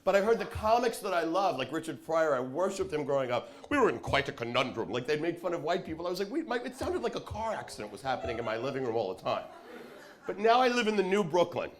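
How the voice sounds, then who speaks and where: A man from Long Island doing a stand-up comedy set on a club stage, sardonic and animated as he tells stories. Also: fairly high pitch, fast talker. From Long Island, New York. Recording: live club crowd laughing.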